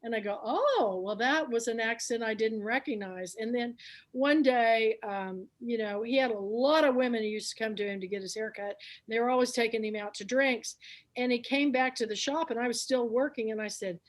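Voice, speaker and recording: A woman's voice: fairly high pitch, fairly even intonation, brisk, rough recording. An older woman hosting a book and film club, chatting and telling stories with frequent laughs. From Kansas area. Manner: chatty storyteller, laughing often. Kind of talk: casual chat.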